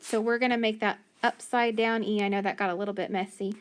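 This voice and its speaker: A woman's voice: fairly high pitch, fairly even intonation. Patient woman teaching phonics. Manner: slow, patient sounding-out of letters and syllables. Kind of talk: phonics lesson.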